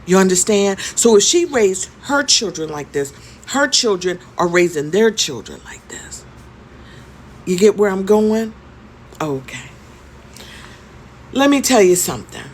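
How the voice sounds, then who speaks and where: A woman's voice: mid-range voice, big pitch swings, unhurried, pauses often, slight background noise. A woman in her fifties telling a story in a conversational, emphatic way, often repeating her points. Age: 50s. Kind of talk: storytime vlog.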